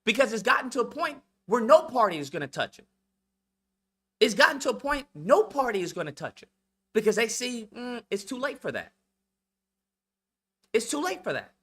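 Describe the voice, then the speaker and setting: High, lively man on a profane rant. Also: normal speed, pauses often, slightly rough. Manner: profane, blunt, repetitive, lecturing. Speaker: channel host. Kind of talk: heated monologue rant.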